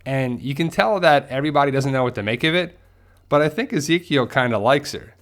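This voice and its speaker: A man's voice: mid-range voice, brisk. A man giving a casual, chatty episode recap and theory commentary, often acting out the characters' lines. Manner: chatty, animated, acts out quotes. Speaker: TV show commentator.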